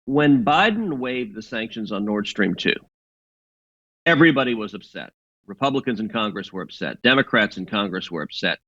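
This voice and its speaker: A man delivering argumentative political commentary in a bright, forceful voice. He presses his point firmly and stumbles over repeated words as he launches into sentences. The clip sounds a little dull and lo-fi. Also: fairly low pitch, animated, normal speed. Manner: assertive, argumentative, repeats words when starting.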